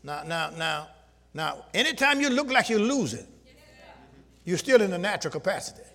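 A man preaching a sermon to his congregation, using call-and-response and shouting at the peaks. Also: high voice, big pitch swings, moderate pace. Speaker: pastor. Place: church sanctuary with congregation.

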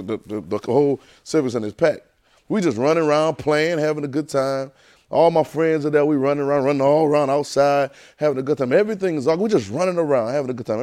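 A man preaching a sermon, telling a childhood story with lively, animated delivery. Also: mid-range voice. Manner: animated storyteller, rising to excited near-shouting.

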